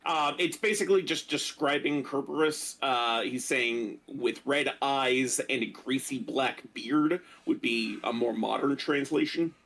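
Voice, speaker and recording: Male participant, mid-pitched with heavy vocal fry, hesitant casual talk. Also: a bit bright. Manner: halting, many fillers. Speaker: discussion participant. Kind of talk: casual live discussion.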